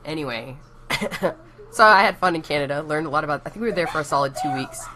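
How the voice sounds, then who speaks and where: A woman's voice: low-pitched, fast, pushed and bright, a little hiss or hum. A young Texan woman chatting casually and rambling on a live stream, laughing at herself as she goes. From Texas.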